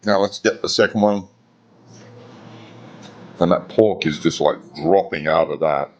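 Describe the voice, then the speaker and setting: A food vlogger reviews a meal in an indoor restaurant, speaking casually and unhurriedly in a deep voice and humming as he savors each bite. A camera on the table records him with the highs cut off, and faint music plays in the background.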